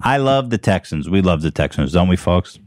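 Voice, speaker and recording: A man's voice: sits low, very animated, normal speed, a little mellow, no echo, studio quality. A man hosting a casual comedy chat, rambling and profane with frequent self-interruptions.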